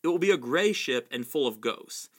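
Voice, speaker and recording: A man's voice: medium pitch, animated, moderate pace, slightly rough. A man reading aloud, voicing a bitter, ruined old male wizard who sneers, whines and spits scorn at everyone. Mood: mocking. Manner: sneering, whining and spiteful.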